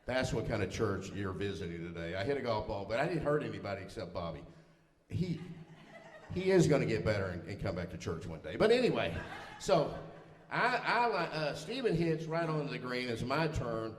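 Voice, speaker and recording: With a sing-song, medium-pitched voice moving fairly quickly, a middle-aged pastor gives a humorous sermon full of folksy, self-deprecating stories. The church sanctuary lends a roomy reverb, and there's slight background noise.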